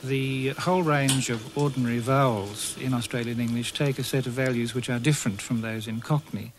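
A man explaining points as a linguist in an interview, thoughtful and pausing with fillers. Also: medium pitch, steady tone. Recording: noisy interview recording.

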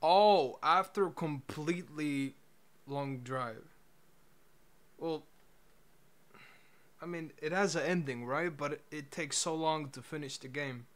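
A man's voice: a little high, takes it slowly, pauses often. A man streaming live, chatting casually in a laid-back, mumbling way.

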